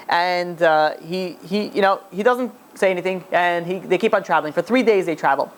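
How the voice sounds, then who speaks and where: A man, a rabbi, telling a story in a lecture with animated delivery and frequent restarts. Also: high voice, a little fast, few pauses.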